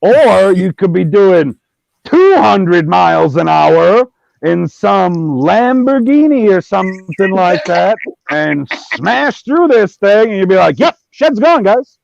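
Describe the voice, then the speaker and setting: A man's voice: sits high, expressive, takes it slowly, gravelly, a little mellow, no echo. A man co-hosting a casual podcast chat, joking with wry asides. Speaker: podcast co-host. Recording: dull lo-fi sound.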